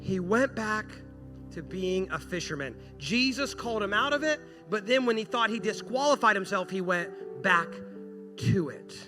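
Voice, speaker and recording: A man delivering a sermon with a notably high-pitched voice, telling the story with lively acted-out dialogue. Music plays clearly underneath him the whole time. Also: normal speed. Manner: animated storytelling, acting out quoted dialogue. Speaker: pastor. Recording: music playing behind.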